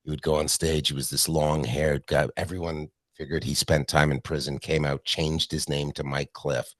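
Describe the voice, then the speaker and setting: Deep-voiced man telling profane stories. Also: moderate pace, no room sound, studio quality. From Canada. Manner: profane, animated anecdotes with quoted voices. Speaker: stand-up comedian guest. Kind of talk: casual storytelling interview.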